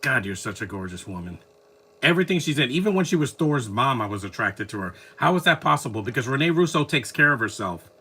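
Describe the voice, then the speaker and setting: A man's voice: medium pitch, animated, quick pace, few pauses, sharp tone, husky. A man giving casual, opinionated commentary while watching a film, rambling and restarting his sentences.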